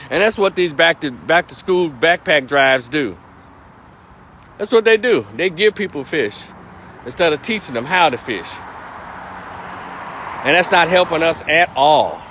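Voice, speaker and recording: A man's voice: on the high side, fairly bright tone, slight background noise. A man hosting a livestream opinion rant outdoors, talking in a blunt, profane, preachy way and greeting viewers by name. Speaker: host. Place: outdoors, moving around.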